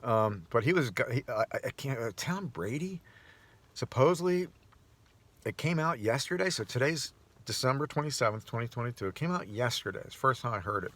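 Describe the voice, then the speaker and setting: A man's voice: mid-range voice, expressive, normal speed, long pauses, a bit bright. A man vlogging a casual personal monologue, rambling with frequent restarts and chuckles.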